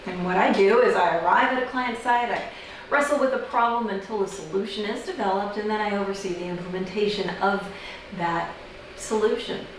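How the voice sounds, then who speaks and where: An American woman doing an observational comedy monologue, wry and deadpan, with sudden high-pitched incredulous outbursts. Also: a little fast, a little hiss or hum. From United States. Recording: very echoey room, mic at a distance.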